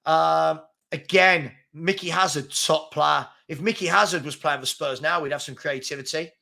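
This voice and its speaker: On a daily football live stream, a middle-aged man answers viewer comments, arguing in an animated, exasperated way. His voice sits a little high, with vocal fry, at a normal speed.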